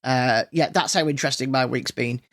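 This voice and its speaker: A man's voice: mid-range voice, steady tone, a little fast, a bit bright. A man hosting a solo podcast, chatting casually and rambling with plenty of fillers and restarts. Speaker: podcast host.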